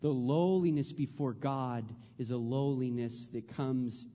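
A man preaching a sermon as pastor, earnest, repeating phrases and dropping to a hush on prayers. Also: medium pitch, a little slow, in a large hall, highs cut off.

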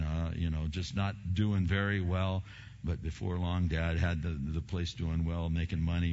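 A man's voice: low voice, a little mellow, dull audio. A middle-aged male pastor preaching a sermon, moving from a personal story to fervent preaching.

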